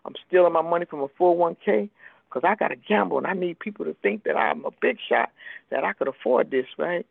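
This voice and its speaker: A woman's voice: on the low side, lively intonation, brisk, vocal fry, slightly rough, no room sound. An older woman telling her recovery story as personal testimony, emphatic and acting out the people she quotes. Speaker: speaker sharing a recovery story. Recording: tinny phone-like radio recording.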